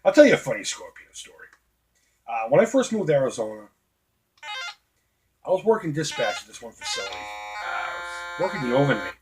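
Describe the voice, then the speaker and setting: A man's voice: mid-range voice, big pitch swings, a little fast, long pauses, noisy background. A middle-aged man from Boston with a Boston accent, telling a long profane story while playing a retro video game, full of fillers and asides. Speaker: retro gaming host. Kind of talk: casual gameplay commentary.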